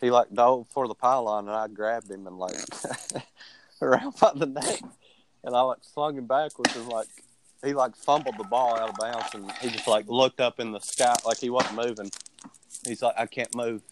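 A man's voice: medium pitch, fairly even intonation, moderate pace, background noise. A young man, telling stories in casual chat with lots of "like" fillers. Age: young adult.

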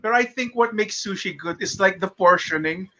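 Filipino man, high bright voice, relaxed banter. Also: normal speed. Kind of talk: casual chat.

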